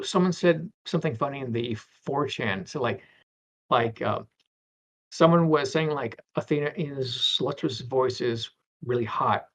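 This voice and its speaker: A man's voice: fairly high pitch, a little mellow. A man in his fifties, a guest animator, chatting casually in an interview and rambling with many restarts. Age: 50s.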